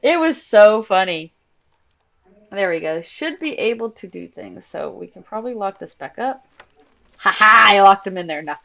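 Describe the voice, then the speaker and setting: A young woman streaming live, chatting excitedly and telling stories while she plays a game. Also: mid-range voice, normal speed, creaky. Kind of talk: casual gaming stream chat.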